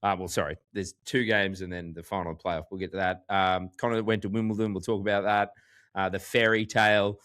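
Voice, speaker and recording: A man with an Australian accent, co-hosting a podcast in casual chat, full of "like" and animated storytelling. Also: sits low, brisk, clear, resonant tone. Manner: chatty, heavy use of "like", animated storytelling. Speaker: podcast co-host.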